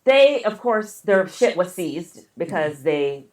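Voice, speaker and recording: A woman's voice: on the low side, sing-song, takes it slowly, darkish tone, roomy sound. A woman co-hosting a podcast, casually retelling a story with lots of fillers and swearing. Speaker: podcast co-host. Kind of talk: casual chat.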